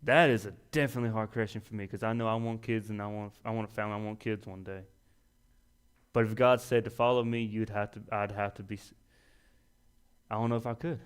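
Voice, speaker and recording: A man's voice: lowish voice, steady tone, fairly quick, smooth. A young man preaching a sermon in a folksy, self-deprecating way, rising to emphatic peaks.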